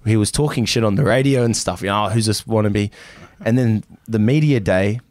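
A man's voice: fairly low pitch, fairly quick, no echo, studio quality. A young man from New Zealand, a podcast guest, telling stories in casual chat, laughing often and acting out what others said. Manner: animated, laughs often, acts out quotes.

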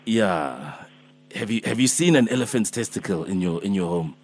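A man's voice: on the low side, expressive, normal speed, darkish tone, breathy edge, soft background music. A man voicing a fussy, pleading elderly man who chases a debt in a prank phone call, rambling and hesitant. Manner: rambling, hesitant, calls her Mama and my darling.

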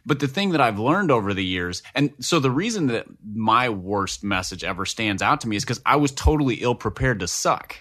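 A man's voice: mid-range voice, very animated, a little fast, few pauses, fairly bright tone. A man, a pastor and podcast co-host, talking in a reflective, self-deprecating way in casual chat.

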